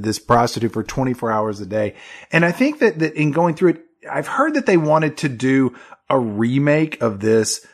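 A man co-hosting a casual movie-recap chat, laughing often and dropping into low mocking voices to mimic characters. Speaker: podcast co-host.

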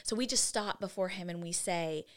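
A woman's voice: fairly low pitch, normal speed. A woman co-hosting a casual faith podcast, earnestly teaching Bible study steps one at a time. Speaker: podcast co-host.

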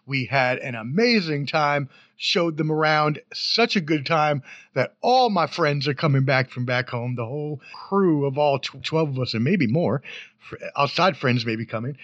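A man's voice: fairly high pitch, fairly bright tone, no echo, highs cut off. A man hosting a podcast, introducing the show in a playful, hyped, rambling way. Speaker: podcast host.

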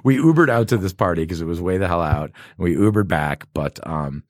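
A man's voice: low voice, animated, brisk, a little mellow, dry recording, clean studio sound. A man hosting a podcast, rambling through stories, laughing often and poking fun at himself. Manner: rambling storyteller, laughs often, self-deprecating. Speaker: podcast host. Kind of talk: casual chat.

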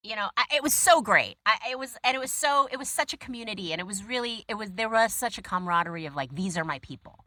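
Gushing, animated woman with a bright voice. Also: a little high, fast, few pauses, dry recording. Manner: animated, gushing storyteller, heavy use of "like". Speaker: interview guest. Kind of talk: casual conversation.

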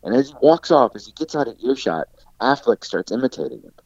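A man's voice: mid-range voice, quick pace, no room sound. A man, an actor guest on a podcast, telling a long anecdote casually and animatedly, full of "like" fillers. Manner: animated storyteller, heavy use of "like" fillers. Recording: dull lo-fi dry sound.

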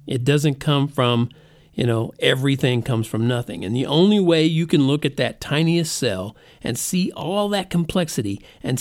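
A man's voice: mid-range voice, animated, moderate pace. A middle-aged man hosting his own podcast, rambling conversationally and poking fun at himself. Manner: rambling, self-mocking, conversational. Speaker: podcast host. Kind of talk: casual monologue.

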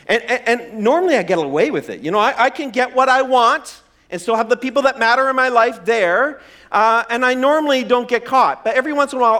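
Animated, high-voiced man preaching. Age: 40s. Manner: humorous, conversational preaching with self-deprecating asides. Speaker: pastor. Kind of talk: sermon.

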